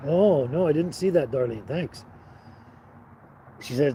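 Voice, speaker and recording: A man's voice: on the high side, expressive, normal speed, long pauses, warm tone, a little hiss or hum, low-quality recording. Man rambling on a live stream. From Canada. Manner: rambling, talks to chat viewers by name. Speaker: livestream host. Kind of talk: casual live-stream chat.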